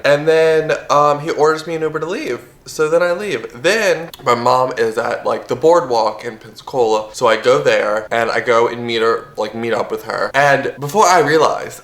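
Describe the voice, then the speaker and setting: A man's voice: medium pitch, a bit bright, echoey room. A young man telling a story to camera in a chatty, casual way, full of fillers and swearing. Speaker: vlogger.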